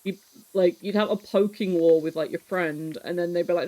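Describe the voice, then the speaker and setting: A streamer in their thirties talks to viewers in a loose, casual ramble, swearing freely and laughing often. The telling is animated and nostalgic, and the voice sits at an ordinary middle pitch. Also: fast talker, low-quality recording. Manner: reminiscing, animated storytelling. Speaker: live streamer. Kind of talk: casual chat while cleaning on stream.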